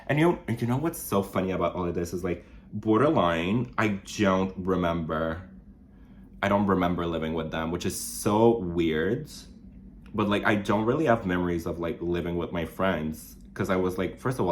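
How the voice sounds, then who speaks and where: Low-voiced French Canadian man rambling. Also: slight background noise. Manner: rambling, many fillers and restarts, sudden jumps up in pitch. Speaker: vlogger. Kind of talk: casual chat while doing makeup. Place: small studio apartment.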